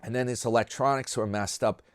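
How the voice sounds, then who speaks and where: A man's voice: mid-range voice, steady tone, brisk, smooth, no room sound, clean studio sound. A man hosting a commentary channel, talking casually and sarcastically in a rambling way about another creator.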